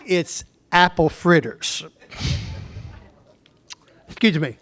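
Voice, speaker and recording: A man's voice: fairly high pitch, animated, extremely slow, a bit bright. A middle-aged man teaching a Bible lesson in a conversational, digressive way, often putting questions to his class.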